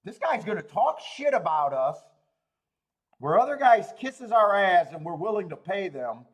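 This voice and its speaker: A man's voice: sits high, big pitch swings, a little slow. A man hosting a live stream, worked up and ranting, pleading, swearing and laughing as he talks. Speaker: host. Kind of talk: live-stream chat rant.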